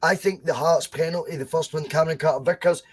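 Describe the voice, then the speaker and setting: A Scottish man on a fan podcast, talking in an insistent, emphatic way. His voice sits high for a man and has a husky edge. He keeps hammering home each point. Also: fairly even intonation, fast. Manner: emphatic, insistent, addresses co-host by name. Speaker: podcast co-host. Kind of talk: heated fan podcast discussion.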